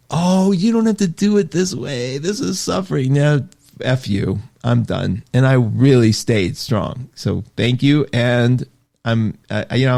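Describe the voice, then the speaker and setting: A middle-aged man hosts a casual astrology live stream, chatting freely and reading viewer comments aloud. His voice sits in a middle pitch with a gravelly fry in it. He talks in an animated way, his pitch jumping up and dropping low, and he laughs often. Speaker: astrology show host.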